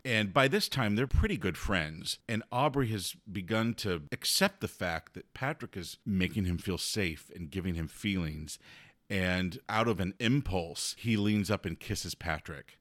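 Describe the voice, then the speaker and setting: Man, lowish voice, podcast co-host, dry close mic; lively recapping with laughs. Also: no room sound. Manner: animated storytelling, laughs often. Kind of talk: casual book chat.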